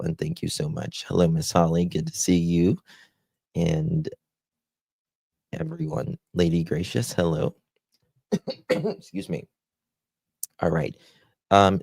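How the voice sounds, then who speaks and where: A man with a very low, gravelly voice hosts a live stream, taking his time over every word. He greets his viewers one by one with heartfelt endearments. The sound is dry and close, with no room around it. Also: a little mellow, no echo. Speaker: livestream host.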